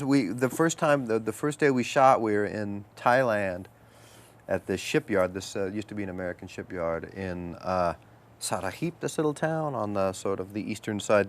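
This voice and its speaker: A man, an actor, telling anecdotes as a guest in an interview and slipping into voices. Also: fairly low pitch. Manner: animated storyteller, slips into voices.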